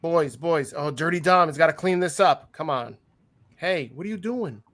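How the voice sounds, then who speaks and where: Man, podcast co-host, high voice, excitable and teasing. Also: normal speed. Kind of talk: casual wrestling chat.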